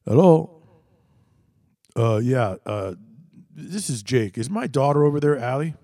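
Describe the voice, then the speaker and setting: A man's voice: medium pitch, big pitch swings, normal speed, creaky, darkish tone, breathy edge, dry recording, studio quality, exaggerated voice. A man voicing an agitated, suspicious father on the phone who stammers and snaps defensively.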